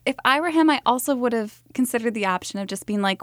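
A woman's voice: on the high side, lively intonation, quick pace, few pauses, a bit bright, no room sound. Chatty woman podcast host, dry studio. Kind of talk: casual studio conversation.

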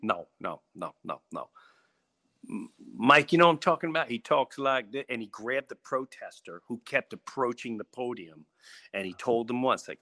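A man hosting a podcast in casual chat, excitable and rambling, laughing often. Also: fairly low pitch, normal speed, dry recording. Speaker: podcast host.

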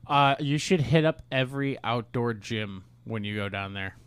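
A man's voice: medium pitch, moderate pace, a bit bright, clear, resonant tone. Rambling, joking podcast co-host man. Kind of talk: casual chat.

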